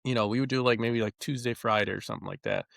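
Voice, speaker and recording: A young man telling stories as a podcast guest in a casual, animated, rambling way with many fillers. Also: medium pitch, rapid-fire, creaky, dry recording, clean studio sound. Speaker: former baseball player guest.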